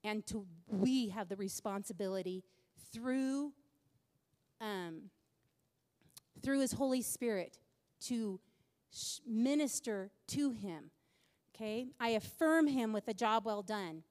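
Animated woman telling a story in a hall. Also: a little high, slow pace, pauses often. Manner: animated, self-mocking storytelling with laughter. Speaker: speaker at a church event. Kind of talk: storytelling talk to an audience.

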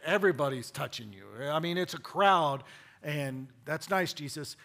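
A preacher doing exasperated, impatient followers. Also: male voice, a little high, moderate pace, vocal fry, pushed and bright. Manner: casual, exasperated. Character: impatient male followers hurrying their leader.

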